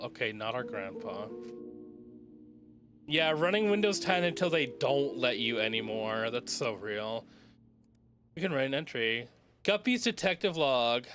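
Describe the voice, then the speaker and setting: A man's voice: medium pitch, animated, unhurried, pauses often. A young man casually commenting as he plays a puzzle video game, rambling, swearing and muttering to himself. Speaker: streamer playing a video game. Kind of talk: casual let's-play commentary. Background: game music.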